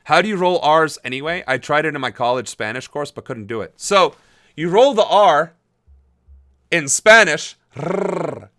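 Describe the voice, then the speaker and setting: Reading messages on his political livestream, a young man rambles casually, laughs easily and uses a lot of fillers. His fairly high voice is expressive, bright and forceful at a moderate pace, in a dry, clean studio recording.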